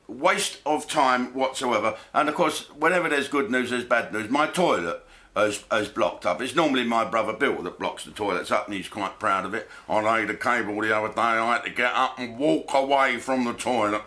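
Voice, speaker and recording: Swearing comic with a bright voice. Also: male voice, medium pitch, moderate pace. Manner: blokey, swearing, jokey asides and put-on voices. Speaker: comedian host. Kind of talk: comic monologue to camera.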